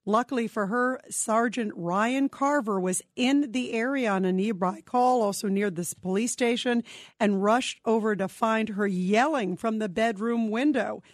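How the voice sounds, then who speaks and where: A woman hosting a talk radio show, giving emphatic, opinionated commentary in an animated way. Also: a little high, unhurried, no room sound, studio quality. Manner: animated, emphatic, repetitive for effect.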